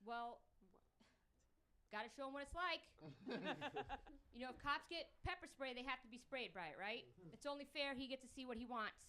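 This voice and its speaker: A woman's voice: high voice, moderate pace, pauses often, bright, forceful tone. A young woman doing a crude, brash stand-up comedy set on stage before a live audience. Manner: crude, brash punchlines with big vocal jumps.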